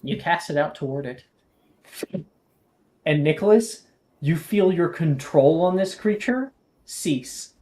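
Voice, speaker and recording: A man's voice: on the high side, animated, slow pace, pauses often, mellow. A man running a tabletop game as game master, casual and rambling, often laughing as he narrates.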